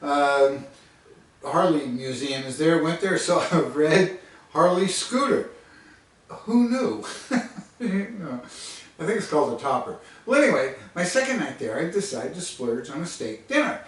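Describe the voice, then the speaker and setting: A man's voice: fairly high pitch, very animated, a little slow. A man telling a humorous personal story in a rambling, self-mocking way, chuckling often. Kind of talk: casual storytelling vlog. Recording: distant mic in a very echoey room.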